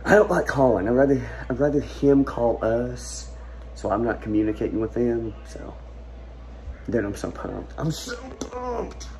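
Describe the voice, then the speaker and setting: A man filming an excited sports reaction video at home at night, overexcited and repeating his exclamations. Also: medium pitch, moderate pace, a little hiss or hum. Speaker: sports fan vlogger.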